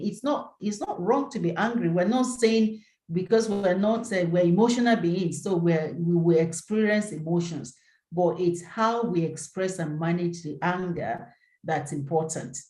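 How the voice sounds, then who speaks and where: A woman's voice: fairly low pitch, mellow, roomy sound, poor audio. A woman presenting a relationship seminar in a live teaching talk, earnest and peppered with "you know".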